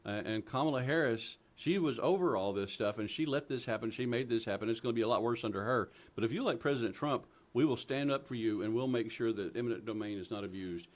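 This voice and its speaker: A man's voice: medium pitch, fast talker, few pauses. Folksy man talking politics. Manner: folksy, joking, opinionated. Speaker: talk show co-host. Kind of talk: casual political chat.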